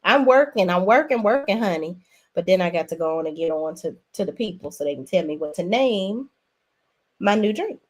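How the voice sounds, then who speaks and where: A woman's voice: fairly low pitch, lively intonation, brisk. Sassy woman chatting live to viewers. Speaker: livestream host. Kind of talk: casual livestream chat.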